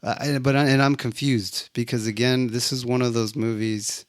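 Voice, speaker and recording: A man's voice: medium pitch, steady tone, moderate pace, dry recording, clean studio sound. A young man co-hosting a casual movie review chat, laid-back, rambling and profane.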